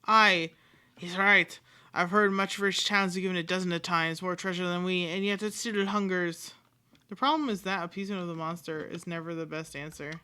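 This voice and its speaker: A woman's voice: on the low side, moderate pace, pushed and bright, smooth. A woman streamer reading game dialogue aloud, playfully switching voices and accents for each part. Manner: reads every part aloud, switching voices and accents, sometimes with pirate flourishes.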